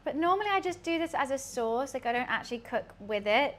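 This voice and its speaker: A woman's voice: sits high, animated, a little fast, fairly bright tone. A young woman chatting casually on a cooking live stream, rambling through asides in her home kitchen.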